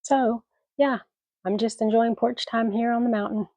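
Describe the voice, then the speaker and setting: A woman's voice: a little high, steady tone, moderate pace, warm tone, no room sound. A retired woman in her sixties talks into her phone outdoors, chatty and folksy, wandering from one aside to the next. Her voice sounds a little scratchy from allergies, and the sound is dry and close with hardly any room in it. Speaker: vlogger. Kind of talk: casual vlog chat. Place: outdoors on a mountain homestead porch and garden. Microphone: phone camera.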